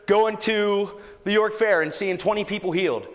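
Lively high-voiced male preacher, storytelling sermon, long hall reverb. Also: moderate pace. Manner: animated, rising to shouts when exhorting.

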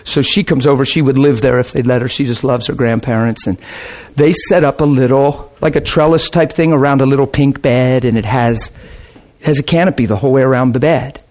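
A man preaching as a pastor, telling a story casually with lively swings between low asides and excited high bursts. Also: a little fast. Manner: casual, rambling, with restarts and laughter. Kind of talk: sermon storytelling.

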